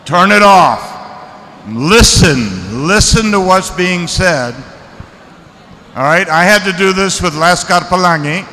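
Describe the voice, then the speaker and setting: A man speaking at a seminar, answering audience questions in a relaxed, conversational way. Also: high voice, takes it slowly. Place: large seminar hall. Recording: echoey hall, faint noise.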